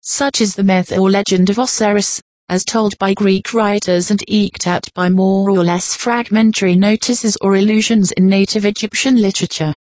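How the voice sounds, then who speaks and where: A woman reading an old nonfiction text aloud in a measured, formal narration. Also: mid-range voice, fairly even intonation, a little mellow, dry recording. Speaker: audiobook reader.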